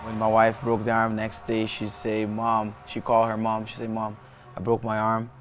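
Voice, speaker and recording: A man in his thirties with a Brazilian Portuguese accent tells a personal story in an interview, halting and restarting, with many fillers. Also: on the low side, monotone, background noise. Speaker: jiu-jitsu athlete.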